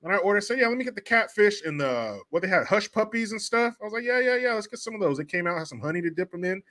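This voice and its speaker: A man's voice: high-pitched, lively intonation, fast, fairly bright tone. Profane joking man chatting on a livestream. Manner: profane, joking, reads chat aloud. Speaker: host. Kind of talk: casual livestream chat.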